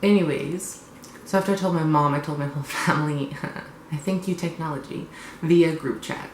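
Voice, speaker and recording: A young man vlogging casually and bluntly, sarcastic and quick to swear. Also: a little high, steady tone, echoey room, slight background noise, low-quality recording. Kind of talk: confessional casual vlog.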